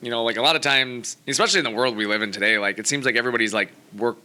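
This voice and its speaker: This male podcast host's medium-pitched voice is bright and forceful, and he speaks rapid-fire. He rambles in casual conversation, leaning heavily on fillers like "you know" and "like."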